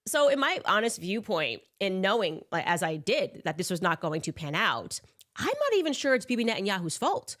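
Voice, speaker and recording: A woman delivering opinionated political commentary in a sarcastic, animated way. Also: medium pitch, normal speed. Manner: sarcastic, animated, mocks with put-on voices.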